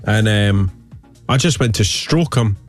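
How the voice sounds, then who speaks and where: A man's voice: fairly low pitch, expressive, a little slow, faint music behind. A man co-hosting a radio show in casual chat, self-pitying and tripping over his words. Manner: chatty, self-pitying, stumbling restarts. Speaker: radio host.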